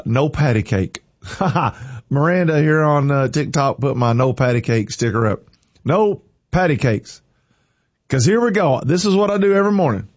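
A man's voice: a little high, slightly rough, no echo. Man, morning show host, folksy and preachy, dry dull lo-fi sound. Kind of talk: casual chat turning to preaching.

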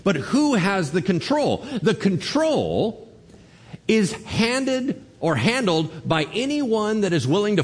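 A man preaching a sermon as pastor, emphatic and animated, swinging his voice up and down for emphasis. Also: high voice, breathy edge. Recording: long reverb of a church hall.

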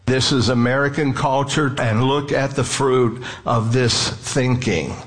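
A man preaching a sermon in a measured, earnest way, slowing down to stress key phrases. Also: mid-range voice.

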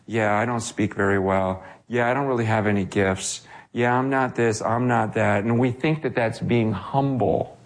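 A man preaching a sermon in a conversational, animated way, acting out the voices he quotes. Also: fairly low pitch, normal speed, hardly any pauses. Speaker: pastor.

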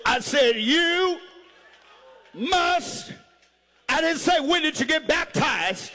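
A man with a very high-pitched voice delivers a sermon in what sounds like a big room. Using call-and-response preaching, he urges the congregation to reply, shouting some phrases and drawing out words for emphasis.

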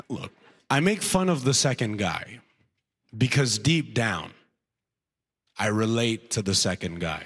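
A man's voice: mid-range voice, big pitch swings, measured pace, pauses often, fairly bright tone. A man doing stand-up comedy, telling a self-mocking story with lots of animation.

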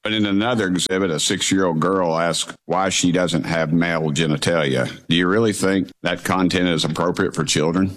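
Very deep, insistent male congressman. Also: steady tone, brisk, hardly any pauses. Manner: insistent, pressing, repetitive. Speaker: congressman questioning witness. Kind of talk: congressional hearing questioning.

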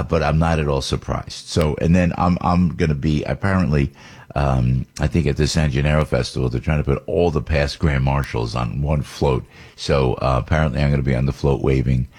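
Husky low-voiced American talk host. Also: male voice. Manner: rambling, animated, with many restarts and asides. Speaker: radio talk show host. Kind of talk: casual opinionated talk radio.

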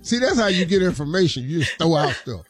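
A man's voice: a little high, sing-song, fast talker, breathy edge, faint music behind. A man co-hosting on a radio show, teasing and joking in studio banter. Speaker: radio co-host.

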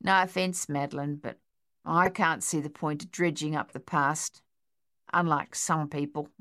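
A woman voicing a sharp-tongued, spry old woman in an audiobook, with a dry, tart, unhurried manner. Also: sits low, steady tone. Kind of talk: audiobook character voice.

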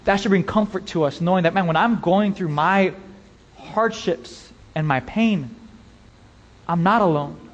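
A man's voice: high voice, unhurried, highs cut off. A male pastor preaching a passionate sermon and speaking directly to his congregation. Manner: impassioned, addresses the congregation directly. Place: church sanctuary. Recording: long reverb of a large hall.

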